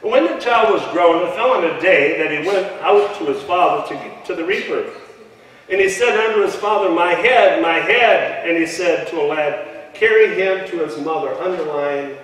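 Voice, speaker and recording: High-voiced male pastor preaching in an echoey hall. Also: normal speed. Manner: preaching, calls congregation to respond aloud. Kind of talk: sermon with scripture reading. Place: church sanctuary. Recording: echoey church hall from far off.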